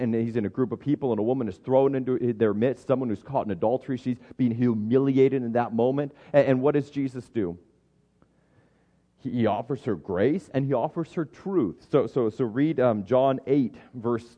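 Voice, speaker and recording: A man's voice: medium pitch, mellow, in a large hall, muffled recording. A man preaching a sermon as a pastor, earnest, often repeating words as he builds each point.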